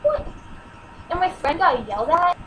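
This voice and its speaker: A woman's voice: extremely high pitch, lively intonation, normal speed, a bit bright, slight background noise, poor audio. A teenage girl telling a personal story in a home vlog, exasperated and emotional as she acts out what people said. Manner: emotional, exasperated retelling with acted-out quotes.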